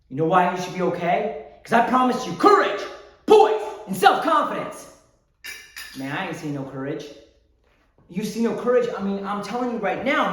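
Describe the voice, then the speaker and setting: A man voicing the Marine Corps as a brash male drill-sergeant figure who shouts and taunts. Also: extremely high pitch, full character voice. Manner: loud, taunting, shouting pep talk. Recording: very echoey room, from a distance.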